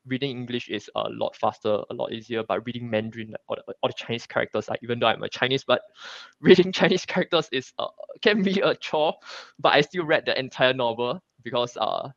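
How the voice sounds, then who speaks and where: A man's voice: medium pitch, a bit bright, no room sound, lo-fi sound. A man from Singapore talking casually as a guest comic creator, chatty, with many fillers and restarts. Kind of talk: casual interview chat.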